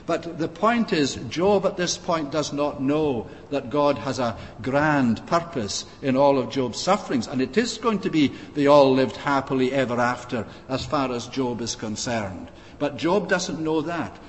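A man preaching an expository sermon, measured and pausing often with "uh", reading scripture in old-fashioned wording. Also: medium pitch, expressive. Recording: long reverb, faint background noise.

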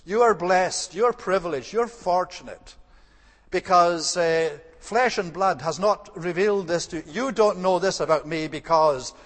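Male preacher, slightly high voice, measured and explanatory with halting pauses, recorded in an echoing church. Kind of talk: sermon.

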